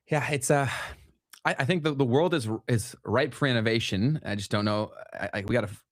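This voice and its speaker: A man's voice: mid-range voice, a little fast, no echo, studio quality. A blunt, opinionated young man from Canada, co-hosting a casual podcast chat with frequent restarts. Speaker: podcast co-host.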